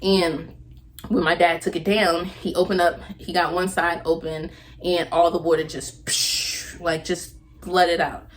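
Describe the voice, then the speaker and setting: A woman's voice: lowish voice, little pitch movement, unhurried, a little hiss or hum. A young woman vlogger telling a personal story, rambling and correcting herself with lots of fillers.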